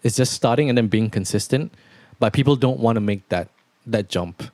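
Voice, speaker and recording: A young man hosting a podcast, talking in a relaxed, rambling way with lots of fillers. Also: mid-range voice, moderate pace, dry recording. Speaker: podcast host. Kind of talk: casual podcast chat.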